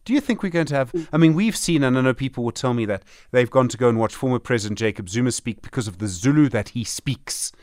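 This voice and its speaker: A man hosting a radio talk show from a studio, asking long framing questions at a measured pace. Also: mid-range voice, animated, a little mellow, dry recording. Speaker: radio host.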